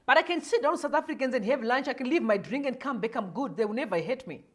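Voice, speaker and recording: Zimbabwean woman host, high animated delivery, fiery preachy commentary. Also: fast talker. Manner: emotional, preachy, switches into Shona. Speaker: show host. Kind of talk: impassioned commentary.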